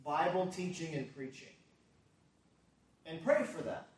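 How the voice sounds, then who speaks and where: A man preaching a sermon as a pastor, earnest, moving between quiet asides and forceful emphasis. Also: on the high side, lively intonation, measured pace. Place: church. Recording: echoey church hall, mic at a distance.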